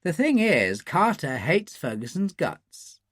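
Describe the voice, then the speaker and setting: A man's voice: a little high, huge pitch swings, slow pace, fairly bright tone, no echo, clean studio sound, pitched above the performer's own voice, heavily acted. A man reading the part of an urbane, gossipy insider briefing his associates, in an audiobook.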